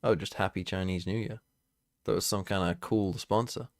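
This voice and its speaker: A man's voice: low-pitched, fairly even intonation, normal speed, no room sound, studio quality. A man hosting a live-stream watch party, chatting casually and thanking viewers as he reacts. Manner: chatty, thinks aloud, thanks viewers between remarks.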